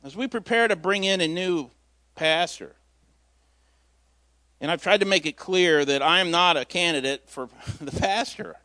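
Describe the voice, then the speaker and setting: A man delivers a relaxed sermon as a stand-in preacher, spinning folksy stories with a self-deprecating touch. His voice sits a little high for a man. The sound is close and dry, with no room echo. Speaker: lay preacher filling in at church. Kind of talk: informal sermon.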